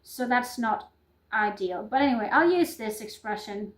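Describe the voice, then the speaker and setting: A woman's voice: fairly high pitch, lively intonation, normal speed. A woman with a Norwegian accent chatting in a rambling, improvised way for her vlog, often apologizing and restarting. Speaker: YouTuber. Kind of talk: casual improvised vlog chat. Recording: echoey room.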